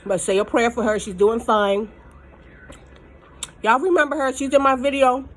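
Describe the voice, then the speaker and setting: A woman's voice: fairly high pitch, steady tone, moderate pace, fairly bright tone. A woman in an angry, emphatic vlog rant, holding back tears as she talks to her viewers. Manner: furious, emphatic, repeating herself. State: close to tears. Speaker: mukbang vlogger.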